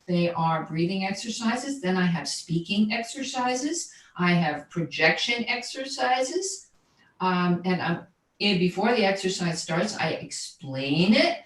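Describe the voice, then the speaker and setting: A woman's voice: on the low side, lively intonation, measured pace. Woman coaching voice, roomy and distant. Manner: explanatory, often adds "right?", repeats words when searching. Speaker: guest voice coach and jazz singer. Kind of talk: conversational livestream interview. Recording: roomy echo, distant from mic.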